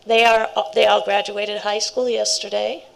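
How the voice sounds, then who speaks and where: A woman's voice: medium pitch, flat delivery, moderate pace, creaky, noisy background. A middle-aged woman, a scout leader, giving a rambling, heartfelt speech at a ceremony, with laughing asides.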